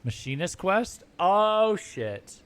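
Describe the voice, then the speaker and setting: A man's voice: high voice, big pitch swings, slow pace, smooth. A man streaming a video game, chatting casually, reacting aloud and talking to his viewers. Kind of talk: casual gaming commentary.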